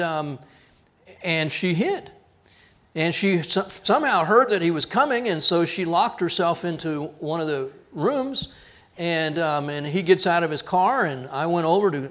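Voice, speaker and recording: A male pastor preaching a sermon, telling a story with lively acted-out dialogue. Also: on the high side. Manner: animated storyteller, acts out quoted voices. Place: church.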